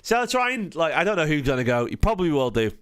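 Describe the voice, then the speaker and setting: A man's voice: on the high side, very animated, quick pace, a bit bright, clear, resonant tone. A tired man, hosting a casual football fan stream, rambling with frequent restarts and questions to his chat. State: tired, half asleep. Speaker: football fan channel host.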